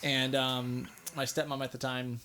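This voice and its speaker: A man's voice: medium pitch, little pitch movement, a little slow, a loud crowd. A young man co-hosting a podcast, telling a rambling story in casual chat with easy swearing. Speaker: podcast co-host.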